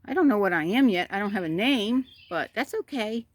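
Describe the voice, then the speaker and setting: A woman voicing a shy young female chick with a high squeaky voice. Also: expressive, fairly quick, no echo, natural voice. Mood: cheerful. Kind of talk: casual chat.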